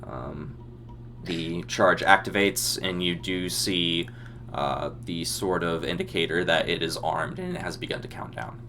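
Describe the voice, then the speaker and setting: Casting: deep-voiced male game master, relaxed narration, faint hum behind. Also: unhurried, vocal fry. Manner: descriptive, relaxed, many ums. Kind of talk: narrating a tabletop role-playing game.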